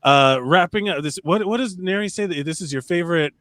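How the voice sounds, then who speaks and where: A man's voice: high voice, fairly quick, a bit bright, no echo. A man co-hosting a podcast, talking in a casual, rambling way with plenty of restarts and swearing. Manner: rambling, stumbling restarts, profane. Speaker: podcast co-host. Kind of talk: casual chat.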